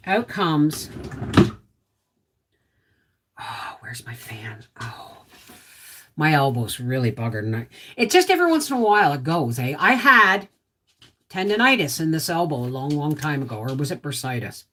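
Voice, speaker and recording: A woman chats through a relaxed home livestream. Her voice climbs and dips freely as she greets viewers and talks to her dog. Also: low-pitched, brisk. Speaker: homestead livestream host. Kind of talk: casual livestream chat.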